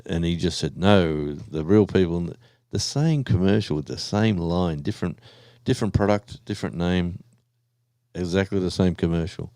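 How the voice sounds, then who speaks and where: Easygoing Australian guy hosting a live stream, low mellow voice, dry close sound, rambling chatty delivery. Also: clear, resonant tone, no room sound. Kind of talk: casual live stream chat.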